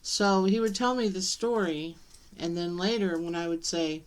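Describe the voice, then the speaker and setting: A middle-aged woman vlogger speaks to the camera in a personal video, her voice on the low side. She is tearful and halting, pausing and restarting many times.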